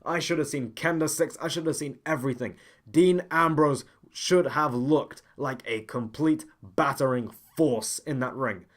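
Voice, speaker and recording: A man's voice: a little high, unhurried. A young man hosting a podcast, giving blunt, ranting opinions with frequent restarts and repeated complaints. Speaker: podcast host. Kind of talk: opinionated wrestling podcast commentary.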